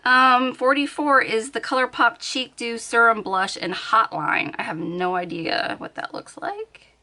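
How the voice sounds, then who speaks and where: A woman's voice: on the high side, measured pace, sharp tone. A woman vlogging from her bed at home, chatting casually, thinking aloud and laughing often. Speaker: beauty vlogger. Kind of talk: casual chat.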